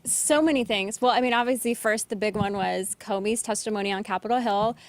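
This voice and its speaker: Opinionated woman co-host. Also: mid-range voice. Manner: opinionated, quick to interrupt. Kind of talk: casual news chat.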